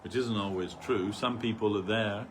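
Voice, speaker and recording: A man's voice: fairly low pitch, steady tone, normal speed, slight background noise. A man giving an informal spiritual talk at a temple gathering, rambling conversationally and peppering his stories with "you know".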